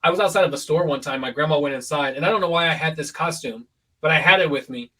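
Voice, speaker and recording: A young man hosts a casual podcast, rambling along with many "likes" and "ums." His voice sits a bit high and sounds bright and forceful. He is a little far from the mic. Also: fast. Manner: relaxed and rambling, full of fillers and likes. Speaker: podcast host.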